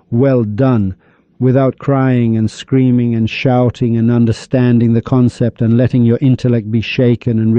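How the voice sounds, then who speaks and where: A man preaches in a very dark, mellow voice, firing question after question at his listeners and scolding them. The recording is dull and lo-fi, with a dry, close sound. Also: mid-range voice, no echo. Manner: fires rhetorical questions, scolding. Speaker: religious speaker. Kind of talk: impassioned religious lecture.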